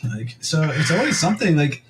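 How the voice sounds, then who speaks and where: A man's voice: a little high, sing-song, normal speed, noisy background. A young man co-hosting a podcast, telling a story in a rambling, casual way full of "like" and quoted asides. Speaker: podcast co-host.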